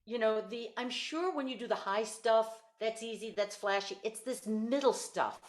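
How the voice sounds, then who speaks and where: A woman voice teacher coaching a student over a video call, giving quick praise and clear instructions. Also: fairly high pitch, echoey room. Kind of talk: virtual one-on-one singing lesson.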